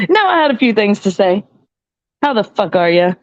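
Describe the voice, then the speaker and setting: A woman's voice: mid-range voice, very animated, normal speed, dry recording. A woman from Texas with a Southern accent speaks bluntly and swears freely. The sound is dry and dull, like lo-fi call audio. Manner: blunt, profane and heated. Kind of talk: live stream call-in rant.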